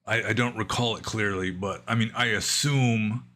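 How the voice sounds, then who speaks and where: A man with a somewhat low voice and a bright, crisp edge talks through viewer questions on a livestream. He thinks aloud, trailing off into asides and small hesitations. His delivery is unhurried and conversational. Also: steady tone, slight background noise. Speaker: Buddhist monk answering viewer questions. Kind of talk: livestream Q&A, casual explanation. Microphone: livestream microphone.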